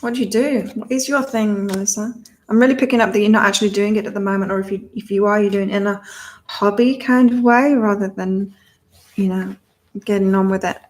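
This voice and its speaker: A woman in her fifties chats on a live stream from her home in southern Thailand, giving psychic readings to viewers. Her accent falls between British and Australian, and her mid-range voice is steady and a little fast.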